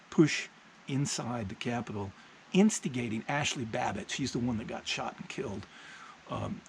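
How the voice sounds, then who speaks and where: This is a man with a gravelly voice of ordinary pitch, speaking casually into his own video. He tells things in a plainspoken, unhurried way, and faint noise sits behind him. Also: poor audio. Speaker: vlogger. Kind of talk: casual spoken monologue.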